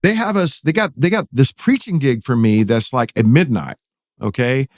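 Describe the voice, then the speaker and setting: A man's voice: medium pitch, moderate pace, no echo, clean studio sound. A middle-aged man with a Texan accent, a pastor telling a dramatic story in a casual podcast interview, his voice climbing as the tale builds. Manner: animated, dramatic retelling with rising excitement.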